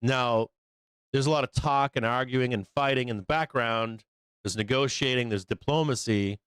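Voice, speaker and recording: A man's voice: mid-range voice, normal speed, a bit bright, smooth, no echo. A man hosting a live stock market show, talking in a blunt, profane, rambling way. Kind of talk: casual market commentary.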